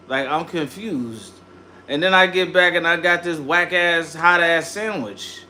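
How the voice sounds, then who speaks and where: A man, talking loosely and animatedly to his livestream chat and slipping into exasperated rants. His voice sits a little higher than most men's. A faint hum of background noise hangs under the voice. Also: a little slow. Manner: slangy, animated ranting, greets chat by name. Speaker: livestream host.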